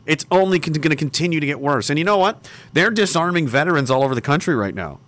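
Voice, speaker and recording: A man's voice: on the high side, expressive, fast talker, no echo. A man hosting a livestream, ranting angrily with heavy profanity and mocking sarcasm. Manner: angry, profane and sarcastic, with bursts of mocking shouting. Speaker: livestream host.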